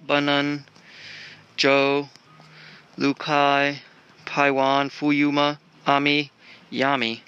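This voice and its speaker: Bright-voiced man rambling on a walk. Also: medium pitch, clear, resonant tone, dull audio. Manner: rambling, thinks aloud, swears casually. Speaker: traveler filming a walk. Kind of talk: casual vlog narration. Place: outdoor park.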